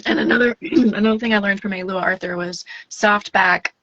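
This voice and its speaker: A woman talks earnestly and reflectively about spiritual things in a relaxed podcast chat. The sound is dry and a little dull. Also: medium pitch, moderate pace, no room sound. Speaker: death doula guest. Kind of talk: casual podcast conversation.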